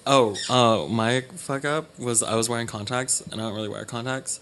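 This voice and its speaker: A man's voice: medium pitch, moderate pace, a bit bright, slight background noise. Mumbling, filler-heavy man chatting. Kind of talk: casual podcast chat.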